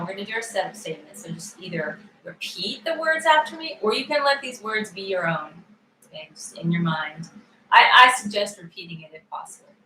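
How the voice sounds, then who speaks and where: A woman coaching a guided tapping session, calmly voicing upset feelings aloud for listeners to repeat. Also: on the high side, reverberant, slight background noise, poor audio.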